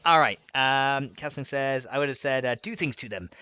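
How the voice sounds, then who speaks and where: A man's voice: medium pitch, normal speed, sharp tone, clear, resonant tone, no room sound, dull audio. A young man streaming a building game, chatting casually, giggling and reading out chat messages. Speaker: gaming streamer. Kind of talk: casual live gameplay chat.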